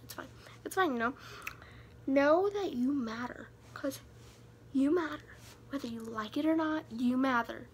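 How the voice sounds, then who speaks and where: A woman's voice: high-pitched, a little slow, long pauses, slight background noise. A teenage girl giving rambling, self-mocking advice in a casual vlog, giddy from too much sugar. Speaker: vlogger.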